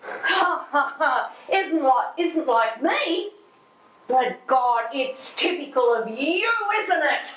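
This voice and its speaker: An actress playing a betrayed woman who confronts her lying business partner, shouting angrily. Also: high-pitched, animated, slow, reverberant, recorded from a distance. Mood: furious. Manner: shouting, indignant. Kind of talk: drama scene.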